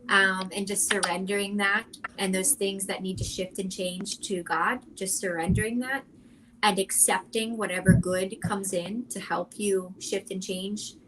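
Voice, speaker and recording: Woman panelist, coaching type, earnest and animated, round-table chat. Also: medium pitch, unhurried, a little hiss or hum, rough recording. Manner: earnest, animated, wanders into asides. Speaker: podcast panelist who coaches clients.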